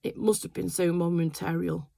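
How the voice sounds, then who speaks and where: A woman's voice: fairly low pitch, steady tone, normal speed, gravelly, dark tone, dry recording. An older woman chatting casually in her sewing room, telling a rambling family story full of fillers. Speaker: quilting vlogger. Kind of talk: casual chat.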